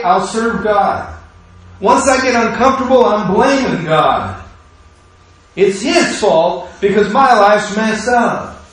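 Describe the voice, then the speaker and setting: Animated preacher man in an echoey hall. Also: high-pitched. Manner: animated preacher, acts out both sides of prayers to God. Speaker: pastor. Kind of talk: sermon. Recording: echoey hall, mic far off.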